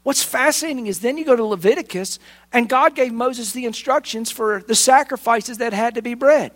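A pastor preaching a sermon, retelling scripture with acted dialogue and emphatic repetition. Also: male voice, very high-pitched, moderate pace, a bit bright.

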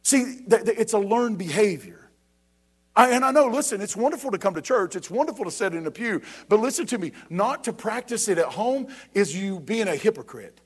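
A man's voice: sits high, lively intonation, a little fast, breathy edge. A man preaching a sermon as pastor, emphatic and repetitive, speaking straight to the congregation.

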